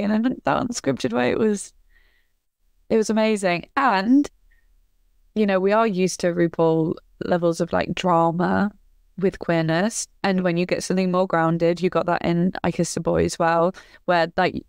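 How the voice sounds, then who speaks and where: A woman's voice: fairly low pitch, a little mellow, smooth, no room sound, clean studio sound. A woman guesting on a podcast, talking in an effusive, jokey way. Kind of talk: casual chat.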